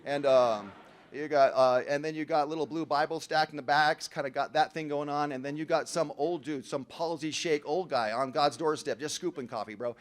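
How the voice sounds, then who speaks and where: A man telling a joke-filled story to a recovery meeting audience in a large hall, full of slang like "bro" and "man", dropping to a hush and then rising to loud shouting. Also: a little high, moderate pace. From Southern California. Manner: slangy, joking, calls the crowd "bro" and "man". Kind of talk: storytelling talk to a live audience.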